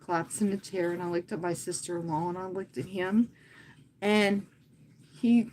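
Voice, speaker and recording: Earnest woman talking softly on a livestream. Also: fairly low pitch, fairly even intonation, slight background noise. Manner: earnest and heartfelt, speaking softly and slowly with pauses. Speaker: fitness instructor and livestream host. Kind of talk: casual livestream talk.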